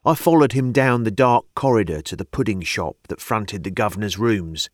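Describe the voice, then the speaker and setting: A man narrating a historical novel as an audiobook, measured and storytelling. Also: fairly low pitch, no room sound, clean studio sound. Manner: measured storytelling, lively intonation.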